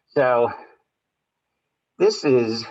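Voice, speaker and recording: A man tells personal stories to a seminar audience in a loose, conversational way, often restarting his sentences. His voice sits in a middle pitch and is picked up from a distance, with a dull, lo-fi sound. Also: expressive, extremely slow, a little mellow. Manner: conversational, with frequent restarts and "you know". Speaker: seminar presenter. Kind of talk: casual anecdotal storytelling.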